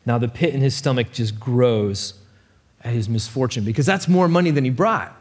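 A man preaching a sermon, telling a story in an animated, conversational way. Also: mid-range voice, normal speed, breathy edge, big-room sound. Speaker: pastor.

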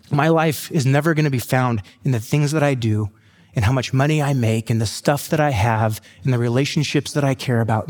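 A man in his forties, a pastor telling his testimony in a sermon, with self-deprecating humor and lively asides. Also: medium pitch.

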